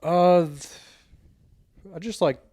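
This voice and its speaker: A man's voice: sits high, slow, mellow, dry recording. A young man hosting a podcast, talking in a laid-back, casual way and swearing freely. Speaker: podcast host. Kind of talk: casual chat.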